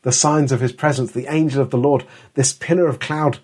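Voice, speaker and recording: A man's voice: medium pitch, fairly even intonation, a little fast, a little mellow, husky. A middle-aged man preaching a sermon in an earnest, emphatic way, often restarting his words.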